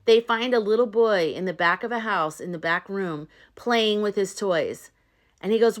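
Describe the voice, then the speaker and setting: Casting note: woman vlogger, mid pitch, casual storyteller turning earnest and urging. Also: moderate pace. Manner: chatty, loose storytelling with fillers and restarts. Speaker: spiritual vlogger. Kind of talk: casual retelling and pep talk to viewers.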